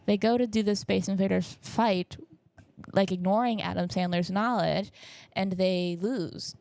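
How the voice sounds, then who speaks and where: A woman in her twenties with a stuffy nose talks in a loose, rambling podcast style, full of "like" and "um" and side tangents. Her voice has a gravelly fry to it. It sounds dry and close, with no room sound around her. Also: medium pitch, normal speed, warm tone, no echo. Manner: rambling, chatty, lots of fillers and asides. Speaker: podcast host. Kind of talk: casual solo podcast recap. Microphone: camera setup.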